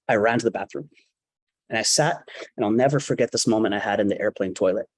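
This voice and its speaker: A man's voice: mid-range voice, a little mellow, no echo, poor audio. A man from Canada, telling a dramatic personal story on stage and acting out the quotes. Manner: dramatic, acts out quotes in vivid retelling.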